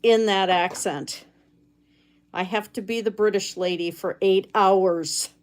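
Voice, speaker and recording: This is a woman hosting a relaxed live stream as she works on jewelry. She talks at an unhurried, easygoing pace and keeps a chatty back-and-forth going with her viewers. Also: mid-range voice. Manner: easygoing, chatty, reads viewer comments aloud. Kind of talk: casual live-stream chat while crafting. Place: home cabin.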